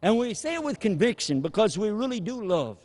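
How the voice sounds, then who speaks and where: A man delivers a sermon with an animated, humorous manner and often slips into acted-out exchanges. His voice sits fairly high for a man. Long reverb from a hall hangs on every phrase. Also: brisk. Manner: animated, humorous, acts out dialogue. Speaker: preacher.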